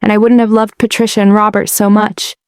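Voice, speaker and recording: A woman's voice: medium pitch, little pitch movement, brisk, clear, resonant tone, no room sound, clean studio sound, pitched above the performer's own voice, lightly acted. A woman voicing an upset ten-year-old girl who pleads with raw, tearful anger. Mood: angry, hurt.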